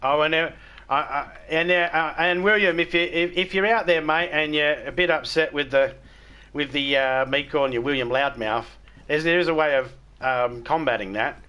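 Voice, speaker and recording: A man's voice: fairly high pitch, normal speed, bright, forceful tone, clean tone, lo-fi sound. An Australian man chatting casually with his chat viewers during a live gaming stream, blunt and frank, swearing freely and laughing at his own jokes.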